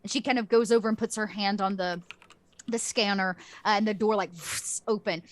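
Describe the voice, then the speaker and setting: A woman's voice: medium pitch, steady tone, fairly quick. Hesitant woman game master. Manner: hesitant, many fillers. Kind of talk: narrating a tabletop game.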